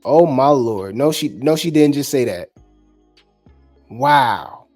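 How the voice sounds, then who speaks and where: A man's voice: medium pitch, lively intonation, slow pace, a little mellow, faint music behind. A man hosting a gossip commentary show, reacting to a clip in a sarcastic, blunt, scolding way.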